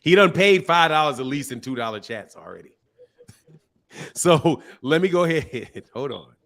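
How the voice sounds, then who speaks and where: Male call-in host, high-pitched, casual and slangy, quick to laugh. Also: animated, a bit bright. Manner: loose, slangy, laughs often. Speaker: show host taking callers.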